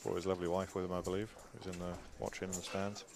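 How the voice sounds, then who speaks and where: A man with a very low voice calls a pool match live, chatty and drily joking, often letting his sentences trail off. A crowd murmurs steadily in the hall behind him. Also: flat delivery, rapid-fire. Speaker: pool commentator. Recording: live venue with crowd noise.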